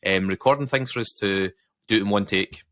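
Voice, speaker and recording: A man's voice: on the low side, fairly quick, fairly bright tone, dry recording. A Scottish man co-hosting a casual podcast chat, rambling and self-mocking with lots of fillers and restarts. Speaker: podcast co-host.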